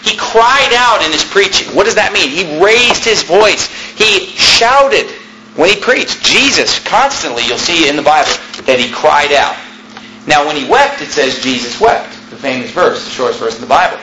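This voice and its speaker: A man preaching a sermon as the pastor, raising his voice and shouting as he preaches. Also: on the high side, lively intonation, moderate pace, reverberant, background noise.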